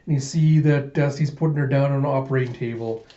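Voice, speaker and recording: A man's voice: medium pitch, fairly even intonation, quick pace, dark tone. A man casually narrating a comic readthrough, chatty and loose, adding sound effects, in a roomy, dull recording.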